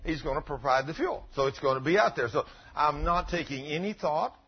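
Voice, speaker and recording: Husky folksy preacher man. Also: fairly high pitch, expressive, fairly quick. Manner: folksy and earnest, quotes scripture. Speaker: pastor. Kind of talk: conversational sermon. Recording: dull lo-fi recording.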